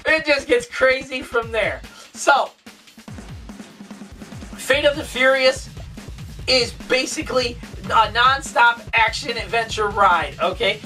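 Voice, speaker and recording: A woman giving a casual movie review, retelling scenes excitedly with swearing, sound effects and laughter. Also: fairly high pitch, slow pace, long pauses, recorded from a distance, soft background music, poor audio.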